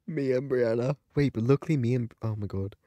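A man's voice: mid-range voice, huge pitch swings, normal speed, mellow, dry recording. A man giving live gaming commentary, dramatic and panicky, often exclaiming and laughing. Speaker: gaming video creator.

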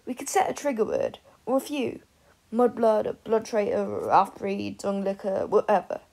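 A woman voicing a bookish, dry-witted teenage schoolboy in an audiobook, with a husky voice. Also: mid-range voice, expressive, moderate pace, dark tone. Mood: excited. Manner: dry, offhand.

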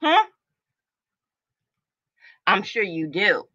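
A woman's voice: medium pitch, big pitch swings, extremely slow, bright, forceful tone, muffled recording. A middle-aged woman hosting a livestream, ranting in furious, profane confrontation, agitated and overheated, and repeating her lines for emphasis. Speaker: livestream host. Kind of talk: angry livestream rant.

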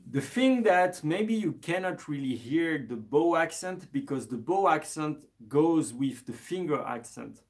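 A man teaching an instrument lesson on a live stream, speaking in a relaxed, hesitant way with many fillers and restarts. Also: fairly high pitch, unhurried, hardly any pauses. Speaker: music teacher.

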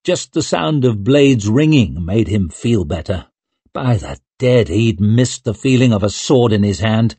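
Husky, dry audiobook narrator, male. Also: on the low side, expressive, unhurried, mellow, no echo. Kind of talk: scripted narration.

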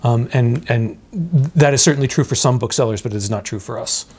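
A man's voice: medium pitch, fairly quick, darkish tone, breathy edge. A man who deals in rare books, explaining things in an interview in a hesitant way, full of fillers and restarts. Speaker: rare book dealer, guest. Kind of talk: conversational interview.

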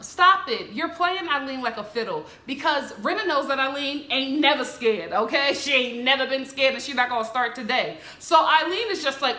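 Female commentator, animated and chatty, fairly high bright voice, roomy echo. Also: normal speed, hardly any pauses. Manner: animated, mimics the people she recaps in a higher voice. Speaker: show recap host. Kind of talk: casual commentary.

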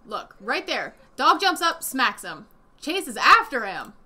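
Woman, reaction vlogger, bright tone, swooping pitch, indignant, swears a lot. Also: slow pace. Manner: indignant, animated, swears often. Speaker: commentary vlogger. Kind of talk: casual reaction commentary. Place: home room with desk and a dog nearby.

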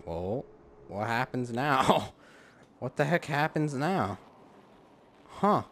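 A man's voice: mid-range voice, expressive, slow, fairly bright tone, slight background noise. A man giving casual let's play commentary, reacting with confusion, laughs and swearing. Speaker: gamer. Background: game music.

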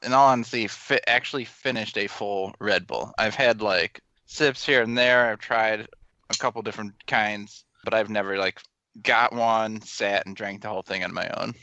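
A man co-hosting a podcast, teasing his friends with quick questions. His voice is bright and forward. The sound is dry and somewhat dull. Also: on the low side, fairly even intonation, dry recording. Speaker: podcast co-host. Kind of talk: casual chat.

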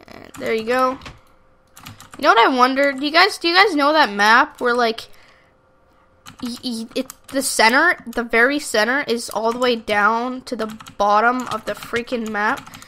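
A woman doing rambling, excitable gameplay commentary, chatting to viewers and heckling opponents. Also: a little high, slight background noise. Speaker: gaming YouTuber.

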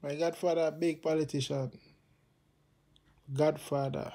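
Jamaican male vlogger, fiery patois rant, very dark tone, slightly high pitch. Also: flat delivery, measured pace. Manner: impassioned, repetitive, patois-heavy. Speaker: channel host. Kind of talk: casual political rant to camera.

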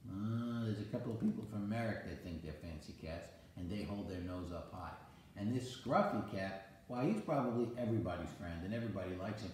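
An older man with a low, gravelly voice reads a picture book to his grandchild, his pitch jumping all over the place as he hams it up. The room is very echoey, with a faint hum of ambience behind him. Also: a little fast. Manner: playful, animated storytelling with sudden high exclamations. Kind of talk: reading a picture book aloud.

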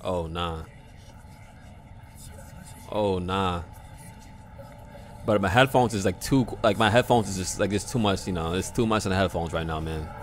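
A young man hosting a casual reaction video from home, excitable and nervous, swearing freely as he talks. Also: sits low, a little slow, pauses often, faint music behind. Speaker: host.

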